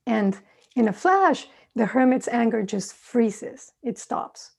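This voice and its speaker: Gravelly-voiced woman giving a dharma talk. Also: on the high side, lively intonation, slow pace. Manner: conversational storytelling, thoughtful asides. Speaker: meditation teacher.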